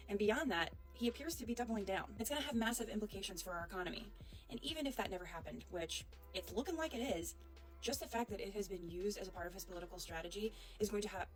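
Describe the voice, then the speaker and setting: Quick, low-voiced woman giving emphatic commentary. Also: poor audio. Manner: emphatic and pointed, with sarcastic asides. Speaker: veteran commentator. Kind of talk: political commentary.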